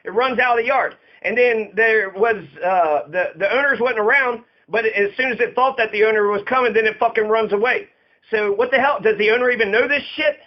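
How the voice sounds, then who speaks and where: A man's voice: sits high, a little fast. A man in an angry, profane monologue, ranting and repeating himself. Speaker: local resident speaking out. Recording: muffled lo-fi sound.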